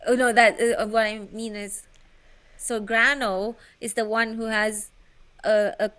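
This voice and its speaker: Woman co-host, casual and giggly, rambly questions, a bit high. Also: little pitch movement, measured pace, a bit bright, poor audio. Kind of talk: casual livestream commentary.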